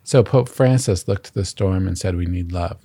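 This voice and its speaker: A man's voice: sits low, moderate pace, warm tone, breathy edge, dry recording. A man hosting a Catholic podcast, reading an earnest scripted reflection that includes long quotations.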